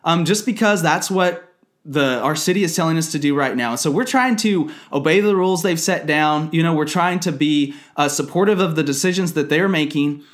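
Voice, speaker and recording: A ministry leader in his thirties shares a sincere, conversational sermon testimony about his family, peppered with fillers. His pitch is fairly high and his pace normal.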